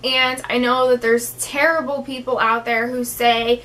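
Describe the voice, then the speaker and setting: A woman's voice: high-pitched, measured pace, hardly any pauses, pushed and bright. A young woman vlogging in an emotional, heartfelt way, tearful at times, with many fillers like "um" and "like". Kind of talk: emotional personal vlog talk.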